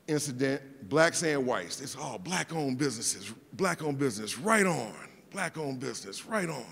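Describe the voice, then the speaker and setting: A middle-aged man, a guest speaker, telling personal stories in an animated way, often repeating words and acting out the people he quotes. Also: mid-range voice, creaky. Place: event hall. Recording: long hall reverb.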